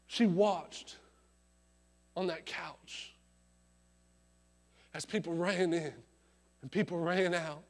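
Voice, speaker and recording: High-voiced preacher man telling a story. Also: slow, pauses often. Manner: dramatic, swells loud then drops to a hush. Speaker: revival preacher. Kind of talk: sermon storytelling. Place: church service.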